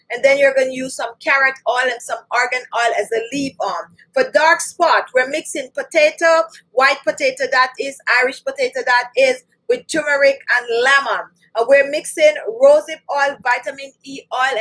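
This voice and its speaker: A woman's voice: high-pitched, a bit bright, poor audio. A woman hosting a beauty channel, talking casually and directly to her viewers as she runs through home remedies and answers questions. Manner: chatty, repeats lists, addresses viewers directly. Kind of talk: casual live-stream skincare chat.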